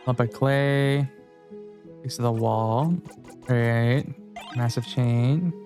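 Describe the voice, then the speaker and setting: A man with a mellow, relaxed voice streams a game, thinking aloud and talking to his chat as he reads the story text. Faint music plays behind him. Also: mid-range voice, drawn-out words. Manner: musing aloud, talks to chat. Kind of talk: game let's play with read-aloud text.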